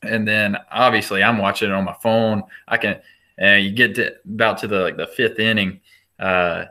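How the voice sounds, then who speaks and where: Bright-voiced man telling coaching stories. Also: fairly low pitch, normal speed. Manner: animated, chatty, with laughs and restarts. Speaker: assistant baseball coach. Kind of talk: casual interview storytelling.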